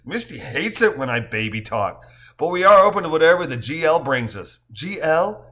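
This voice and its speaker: A man's voice: a little high, very animated, normal speed, fairly bright tone, voice pushed up. A man reading an audiobook, voicing a playful, jokey man with corny humor. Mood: joking.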